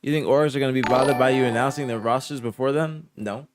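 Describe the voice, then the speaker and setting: Soft-spoken laid-back young male streamer. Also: quick pace. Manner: drifts between low murmurs and higher indignant outbursts. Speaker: streamer reporting esports news. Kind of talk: casual live-stream chat, reading and answering chat.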